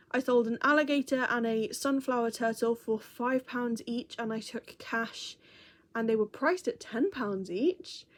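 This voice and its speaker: A young woman chatting casually as a crochet vlogger, rambling and correcting herself as she goes. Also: on the high side. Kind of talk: casual chat.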